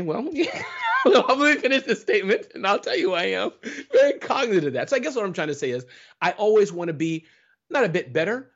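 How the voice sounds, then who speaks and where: A man giving a casual interview over a video call, talking playfully and with animation. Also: sits high. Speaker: guest. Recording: dull lo-fi online call audio.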